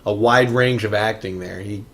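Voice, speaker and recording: A man's voice: fairly low pitch, steady tone, moderate pace, fairly bright tone. Rambling man reviewing movies casually. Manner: rambling, many restarts and fillers. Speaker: podcast co-host.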